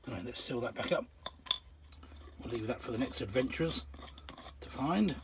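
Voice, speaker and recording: A man's voice: medium pitch, expressive, moderate pace, noisy background. A man out of breath, giving casual chatty commentary as he digs in an outdoor pit and films himself with a handheld camera. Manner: chatty, muttered asides, trailing off. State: out of breath from bending. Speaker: vlogger digging an old shelter. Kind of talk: casual commentary while digging. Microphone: handheld camera while digging.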